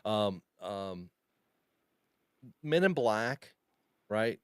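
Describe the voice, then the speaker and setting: A man's voice: lowish voice, expressive, clean tone, no echo, studio quality. Man chatting casually on a podcast. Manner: chatty, rambling, quick to laugh. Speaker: podcast co-host. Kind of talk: casual chat.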